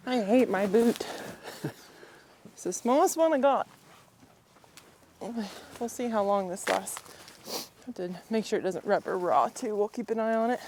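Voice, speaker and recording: A woman vlogging outdoors at a windy horse pen, talking gently and chattily to her horse and laughing often. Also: mid-range voice, expressive, normal speed, pauses often. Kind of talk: casual vlog narration while tending a horse.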